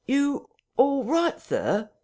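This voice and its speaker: A man reading an audiobook, voicing a slow, stolid innkeeper who talks in a rustic country dialect. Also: fairly high pitch, sing-song, darkish tone, voice pushed up. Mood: gruff.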